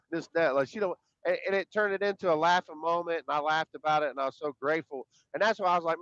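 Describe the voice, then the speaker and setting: A man with a slightly high, fairly bright voice co-hosts a podcast at a quick pace, his casual, rambling chat emphatic, profane and full of repeated words. The lo-fi recording sounds dull and dry, with no room sound.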